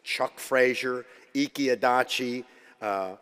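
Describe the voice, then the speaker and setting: Man, keynote speaker, anecdotal humorous storytelling, medium pitch, reverberant conference hall. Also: takes it slowly, fairly bright tone, smooth.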